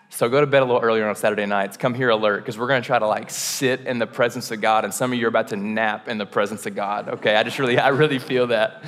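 A man preaching a casual sermon as pastor, relaxed and self-deprecating, chatting with lots of fillers and restarts. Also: medium pitch, in a large hall. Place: church auditorium.

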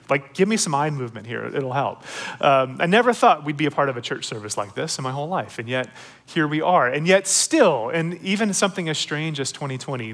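A man preaching a sermon as a pastor in a conversational, animated way, speeding through some phrases and slowing right down on others. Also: a little high. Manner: conversational, animated, quick bursts with long slowed phrases.

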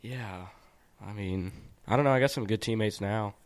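A man's voice: fairly low pitch, normal speed, clear, resonant tone. A young man, a racing driver guest, chatting in a laid-back, hesitant way. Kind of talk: casual chat.

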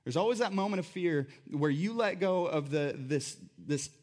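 A man preaching a sermon in a conversational, animated way, acting out voices as he tells the story. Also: a little high, normal speed. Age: adult. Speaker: pastor.

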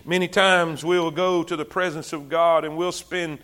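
A preacher with a high, bright voice delivers a fervent sermon in a conversational way, keeping a steady tone at a moderate pace. He repeats phrases for emphasis. Loose and restarting often, he gathers momentum as he goes.

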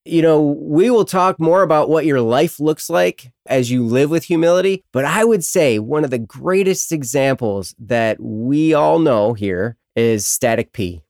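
A man's voice: fairly high pitch, lively intonation, measured pace, hardly any pauses, a little mellow, dry recording, studio quality. A man co-hosting a casual faith talk show, speaking reflectively and leaning on "you know" fillers. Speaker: co-host.

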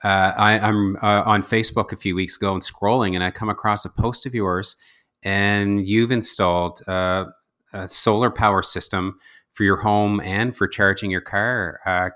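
A man's voice: on the low side, steady tone, moderate pace, sharp tone. A man hosting an interview, asking his questions in a hesitant way with many fillers. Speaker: interview host. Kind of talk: conversational interview.

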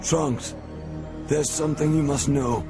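An actor playing a stern, proud warrior father, speaking in a gruff, solemn voice from a dubbed cartoon, with dramatic music behind. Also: a little high, fairly even intonation, unhurried, close to an everyday voice.

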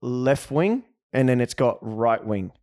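Man, Australian accent, podcast co-host, casual chat, animated, swearing, middle pitch. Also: takes it slowly. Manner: animated, swears freely, restarts often.

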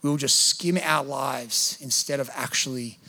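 A man's voice: medium pitch, fairly even intonation, normal speed, vocal fry, sharp tone. A man, preaching a sermon as a pastor, earnest, and at times acting out prayers in a pleading voice. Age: 30s.

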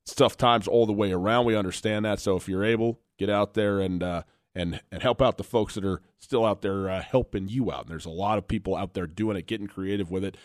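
A man's voice: fairly low pitch, fairly even intonation, brisk, no room sound. A man hosting a sports radio show, chatting in a rambling, self-deprecating, folksy way in a studio where he shares one microphone. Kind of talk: casual sports radio talk.

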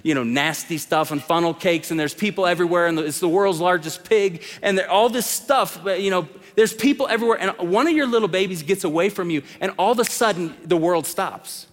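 Middle-aged male pastor, passionate sermon, high tenor, long reverb of a church hall. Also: fairly quick, few pauses. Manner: impassioned preaching, swings between loud calls and hushed lines.

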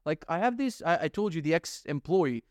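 A young man with a fairly high voice talks straight into the mic in a casual, animated rant. He swears freely and sounds exasperated. The sound is dry, with no room echo. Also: a little fast. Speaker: vlogger. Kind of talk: casual ranting monologue.

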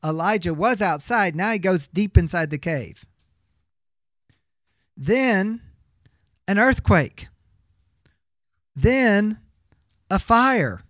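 A man's voice: high voice, animated, drawn-out words, long pauses, a bit bright, no room sound, studio quality. A man teaching a biblical counseling class, reading scripture aloud and explaining it emphatically with rhetorical questions. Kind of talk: Bible teaching lecture.

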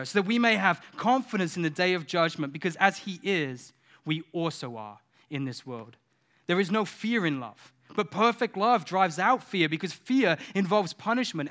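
A man who is a pastor, preaching a sermon with passion and moving between hushed, tender lines and rousing, louder ones. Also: high voice. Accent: Australian.

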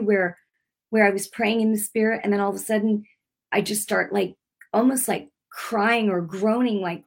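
Preaching woman, earnest and conversational, unscripted with frequent restarts. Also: medium pitch. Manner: unscripted, speaking without notes. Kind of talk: informal sermon.

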